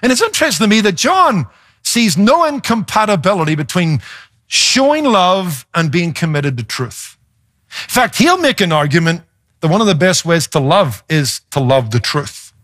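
A man's voice: high-pitched, sing-song, moderate pace, fairly bright tone, no room sound, clean studio sound. A man, a pastor, preaching a sermon with emphasis, shifting pace and playful asides.

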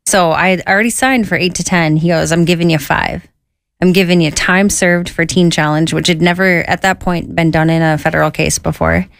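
Lady guest telling her story, kinda low voice, acts out all the quotes, lots of "i was like", dry close sound. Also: fairly even intonation, brisk, creaky, dry recording. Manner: frequent fillers like "I was like" and "you know". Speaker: guest sharing her testimony. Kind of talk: casual personal storytelling.

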